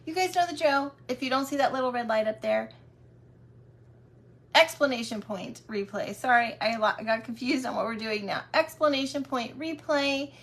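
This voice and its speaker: A woman's voice: high-pitched, normal speed, fairly bright tone. A woman hosting a craft livestream, chatting in a casual, affectionate and welcoming way. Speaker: craft channel host.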